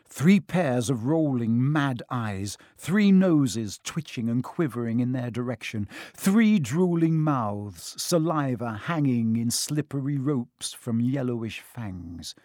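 A man's voice: medium pitch, warm tone, dry recording, clean studio sound. A man narrating a children's fantasy audiobook with dramatic storytelling. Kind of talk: audiobook reading.

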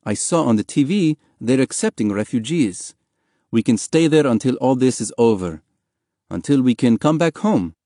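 A man's voice: mid-range voice, animated, moderate pace, mellow, dry recording, clean studio sound, lightly acted. A man voicing a determined father leading his family, firm and urgent, in a storybook reading. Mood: reassuring.

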